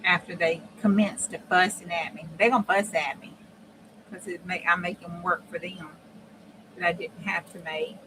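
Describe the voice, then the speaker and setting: A woman's voice: lowish voice, steady tone, normal speed. A woman hosts a casual craft stream, chatting and thinking aloud as she works, sometimes dropping to near-whispers. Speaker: crafting channel host. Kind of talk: casual craft livestream talk. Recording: noisy background.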